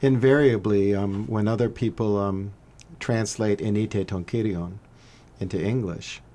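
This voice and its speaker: Low-voiced man interviewing a chanter. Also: steady tone, measured pace, dark tone. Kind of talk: conversational interview.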